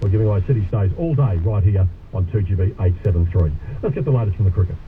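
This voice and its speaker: A man's voice: fairly low pitch, fast. Chatty male radio host. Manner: chatty, matey, casual Australian radio banter. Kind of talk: talk radio hosting. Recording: tinny radio broadcast with faint noise.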